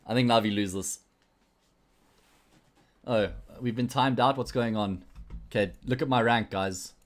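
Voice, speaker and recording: Bantering South African esports caster. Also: male voice, mid-range voice, measured pace. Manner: jokey, rambling banter with frequent restarts. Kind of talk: solo livestream commentary, chatting with viewers.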